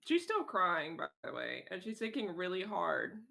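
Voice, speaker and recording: A woman's voice: fairly low pitch, big pitch swings, moderate pace, creaky, bright, forceful tone, a little hiss or hum. A young woman playing a tabletop game, talking bluntly and swearing freely. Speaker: player. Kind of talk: casual tabletop game talk.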